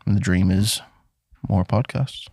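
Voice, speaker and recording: Joking Irish podcast co-host, dry mic. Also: male voice, fairly low pitch, a little slow, a little mellow, husky, dry recording. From Ireland. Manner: joking, sweary, enunciates carefully. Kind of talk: casual banter.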